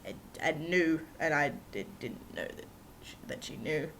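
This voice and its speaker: A woman's voice: deep voice, lively intonation, a little slow, vocal fry, fairly bright tone, a little hiss or hum. Chatty self-mocking young woman. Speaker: vlogger. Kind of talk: casual storytelling to camera.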